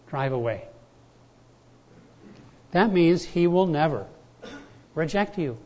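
A man's voice: a little high, expressive, slow pace, pauses often, a little mellow. A man preaching a conversational sermon as pastor, telling stories and repeating key words for emphasis. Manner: conversational, storytelling preacher with repetitions. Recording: dull, lo-fi sound.

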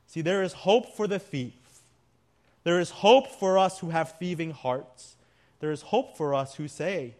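A man preaching a sermon to a congregation, earnest, often dropping to a quiet, intimate emphasis. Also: fairly high pitch, lively intonation, measured pace. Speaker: pastor.

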